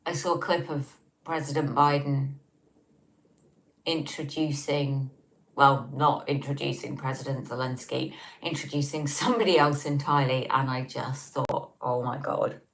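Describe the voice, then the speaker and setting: Her pitch is extremely low and her intonation fairly even as she talks unhurriedly on a casual home livestream. The English-accented host reads comments and chats, rambling with lots of ums, with a tablet on the table doing the recording.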